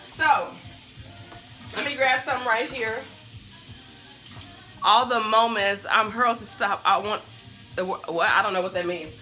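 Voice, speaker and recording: Chatty bright-voiced woman cooking on a livestream. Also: medium pitch, a little slow, long pauses, soft background music. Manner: chatty, talks straight to viewers, sidetracked easily. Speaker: cooking show host. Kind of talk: live-stream cooking chat. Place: home kitchen with bacon sizzling in a pan. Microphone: phone on a stand.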